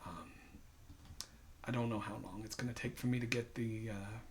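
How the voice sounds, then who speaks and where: A man voicing an earnest, grieving male captain who speaks quietly and haltingly. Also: on the low side, fairly even intonation, a little hiss or hum, close to an everyday voice. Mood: sad, quiet.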